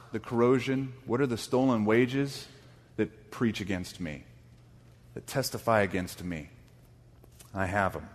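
A man preaching a sermon as pastor, reading scripture dramatically and rising to loud, emphatic bursts. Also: on the low side, big-room sound. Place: church sanctuary.

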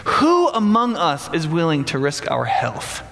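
Animated preacher man in a reverberant hall. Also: fairly high pitch, measured pace, gravelly, background noise. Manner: animated, conversational, frequent rhetorical "right?". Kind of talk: sermon.

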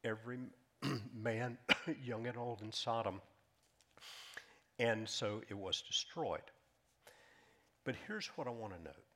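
A man preaching a sermon, reading scripture aloud and explaining it, climbing in pitch and loudness on emphatic lines and dropping to a soft hush on key phrases. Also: takes it slowly, long pauses, a little hiss or hum. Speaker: pastor.

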